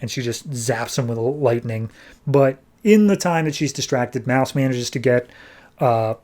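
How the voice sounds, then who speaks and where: A man talking through a comic book issue for his podcast. He speaks at an ordinary, middle pitch. His delivery is casual and full of fillers. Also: measured pace, a little mellow. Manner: loose, conversational, lots of fillers.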